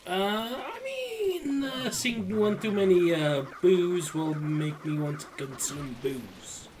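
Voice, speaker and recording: A man's voice: sits high, sing-song, takes it slowly, noisy background. A young man co-streaming a game, hesitant with many fillers and a dry sense of humor. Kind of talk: casual gameplay chat.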